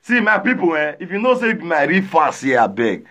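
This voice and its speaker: Man, Nigerian accent, live streamer, high voice, bright tone, animated, repetitive. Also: a little fast. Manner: animated, often shouting and laughing, repeating phrases. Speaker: live streamer reading viewer comments. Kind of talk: casual live-stream chat.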